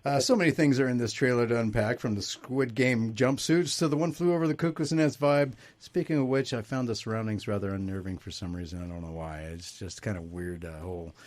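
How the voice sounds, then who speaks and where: A man's voice: mid-range voice, fairly quick, hardly any pauses. Rambling man hosting a panel chat. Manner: rambling, laughs often. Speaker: host. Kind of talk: casual panel chat reviewing trailers.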